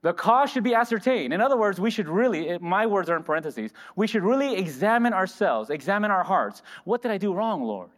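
A man preaching a sermon in a church, asking the congregation questions and answering them himself. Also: sits high. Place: church hall. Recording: reverberant church hall.

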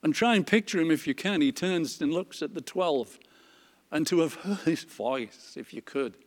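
A man's voice: fairly high pitch, lively intonation, moderate pace. A man leading a Bible study, reading scripture aloud earnestly, with frequent fillers and restarts. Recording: long hall reverb.

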